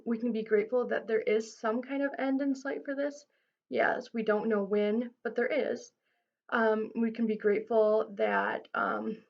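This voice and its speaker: A woman's voice: on the high side, highs cut off. A woman giving informal mental health advice to camera, earnest and reassuring, with frequent ums and restarts.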